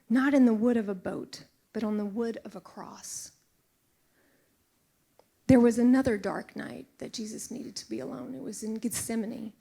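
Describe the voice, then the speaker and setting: Middle-aged woman preacher, fairly high voice, earnest and emotional sermon delivery with hushed asides. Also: vocal fry, husky. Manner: earnest, emotional, drops to a hushed whisper for emphasis.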